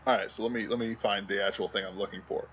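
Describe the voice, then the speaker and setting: A man's voice: lowish voice, steady tone, fast, a bit bright. Guy cohosting a stream, rambly and distracted, muffled lo-fi mic, faint hiss. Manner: rambling, distracted while searching for memes. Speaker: livestream co-host. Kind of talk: casual chat.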